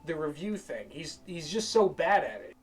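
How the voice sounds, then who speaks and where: A man's voice: on the high side, sing-song, normal speed, husky, faint music behind. A man in a played video clip giving dismissive, emphatic commentary. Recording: distant audio of a played clip.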